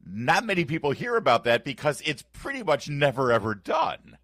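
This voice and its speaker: A man's voice: fairly high pitch, wildly swooping pitch, moderate pace, fairly bright tone, dry recording, studio quality. A man hosting a morning talk radio show, emphatic and playfully sarcastic as he runs through the lineup and banters with his co-host. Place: radio studio. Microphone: studio microphone.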